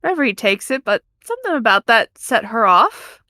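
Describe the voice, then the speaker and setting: A woman playing in a tabletop role-playing game, speaking quickly and playfully. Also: fairly high pitch, very animated, pushed and bright, no room sound. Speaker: player.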